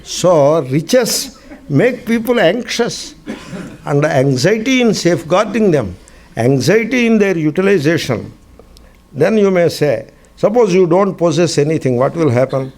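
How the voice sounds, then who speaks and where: A man with an Indian English accent gives a scriptural class, telling his stories with frequent chuckles. He drives his points home by repeating short phrases, and his voice sits a little high for a man. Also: big pitch swings, unhurried, darkish tone. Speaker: spiritual teacher.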